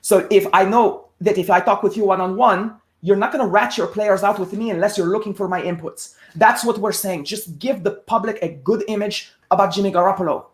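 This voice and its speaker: A woman co-hosting a sports talk show, making her points emphatically and doubling back on words when she presses hard. Her voice is neither high nor low. The room around her rings with a noticeable echo. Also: a little fast, hardly any pauses. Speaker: podcast co-host.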